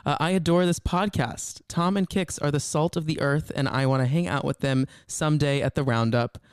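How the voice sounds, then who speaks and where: Male podcast co-host, smooth resonant voice, dry close mic, chatty, laughs often. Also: fairly high pitch, steady tone, moderate pace, no room sound. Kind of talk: casual chat.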